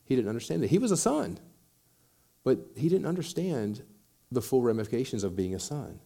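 A man's voice: mid-range voice, big pitch swings, fairly quick, vocal fry, mellow. A man preaching a sermon, acting out quoted voices and building in intensity as he makes his points. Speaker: pastor.

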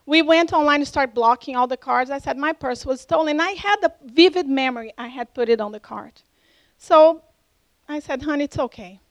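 A woman with a non-native English accent tells her testimony in an animated way, jumping up in pitch as she acts out what people said. Her voice sits high, and the recording is close and dry with no room sound. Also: normal speed, no echo, low-quality recording. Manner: animated, acts out dialogue with lively pitch jumps. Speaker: church member giving a testimony. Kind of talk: storytelling testimony.

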